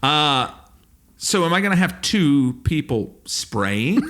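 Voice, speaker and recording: A man's voice: fairly high pitch, big pitch swings, slow pace, a bit bright. A man co-hosting a comedy podcast, telling stories in casual chat and acting out bits of dialogue. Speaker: podcast co-host.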